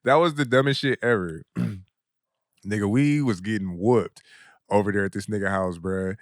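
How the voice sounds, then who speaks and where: A young adult man hosting a podcast, telling a story in a casual, animated way. He laughs often mid-story and uses a lot of slang and profanity. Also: fairly low pitch, moderate pace, dry recording, studio quality. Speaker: podcast host.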